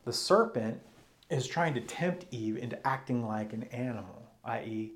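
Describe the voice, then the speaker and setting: A man's voice: mid-range voice, expressive, moderate pace. A man preaching a teaching sermon, reading passages aloud and then explaining them step by step.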